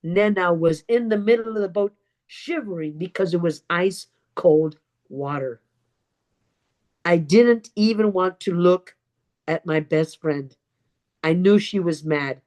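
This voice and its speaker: A woman's voice: lowish voice, a little mellow. A woman telling a dramatic personal story as a speech at a public speaking club. She acts out other people's lines and repeats words for emphasis. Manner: emphatic, with deliberate pauses and repetition.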